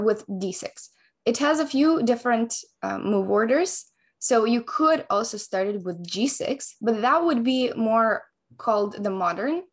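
A woman chess coach calmly and methodically explaining a chess opening, move by move. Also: on the high side, breathy edge. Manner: calm, methodical explanation of moves.

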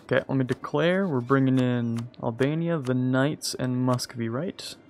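A man's voice: medium pitch, moderate pace, darkish tone, a little hiss or hum. Young man chatting over a strategy game. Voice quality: chuckles often, thinks aloud with fillers. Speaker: host playing a strategy game. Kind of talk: casual gaming chat.

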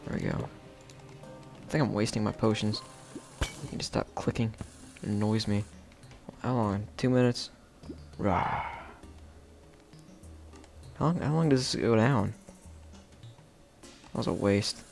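A man casually narrating his own gameplay as the host of a game video, chatty and playful, with sudden excited shouts. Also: lowish voice, a little slow, creaky, long pauses, soft background music.

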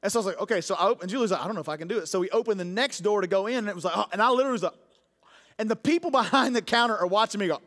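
Pastor guy, high voice, telling funny stories from the pulpit, big hall echo. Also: very fast, a bit bright. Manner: storytelling, joking with the congregation. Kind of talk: sermon. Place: church auditorium. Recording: long church hall reverb.

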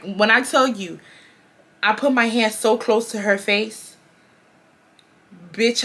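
A woman's voice: mid-range voice, bright, forceful tone. A woman in her twenties from Houston, telling a storytime to her viewers in a casual, emphatic way, repeating herself and swearing freely. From Houston, Texas. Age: 20s. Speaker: storytime vlogger.

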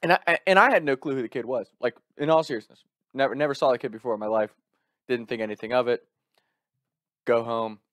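A man's voice: mid-range voice, no room sound. Young man telling a story, dry sound. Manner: animated, swearing, quick asides and restarts. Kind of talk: casual storytelling.

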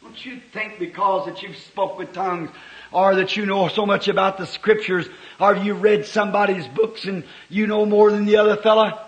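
A man preaching a sermon at a church service, swinging from hushed, folksy talk to sudden impassioned shouts. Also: sits high, fairly even intonation, normal speed. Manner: folksy, homespun phrasing. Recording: echoey old church sermon recording.

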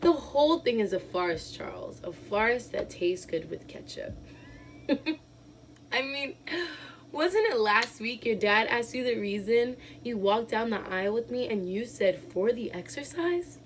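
A young actress playing an unraveling wife who laughs nervously through her divorce, her lines swinging from loud outbursts to hushed murmurs. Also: fairly high pitch, expressive, measured pace, slight background noise, rough recording. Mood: manic, teasing. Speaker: actress performing a monologue. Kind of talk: dramatic monologue.

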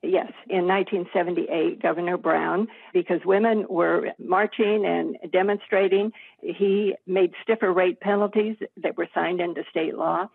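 A retired detective, a woman in her seventies, recounting old cases in a steady, matter-of-fact way. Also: on the low side, a little slow, creaky, slightly rough, no room sound. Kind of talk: recounting case memories in an interview. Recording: tinny phone line.

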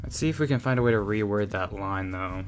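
A young man giving casual commentary, sarcastic and critical, with quick asides. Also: on the low side, over loud music. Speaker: YouTuber. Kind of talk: casual commentary on song lyrics.

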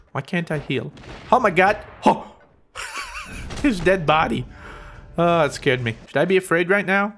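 A man with an American accent giving excitable, giggly let's-play commentary. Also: a little high, moderate pace, a little hiss or hum. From United States. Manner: excitable, giggly, frequent shrieks. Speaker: gaming YouTuber.

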